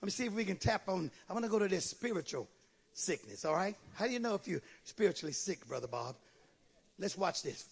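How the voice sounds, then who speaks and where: Man preaching, gravelly, loud shouts and quiet asides. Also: very animated, brisk. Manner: swings between shouted preaching and low asides. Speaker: pastor. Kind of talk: sermon.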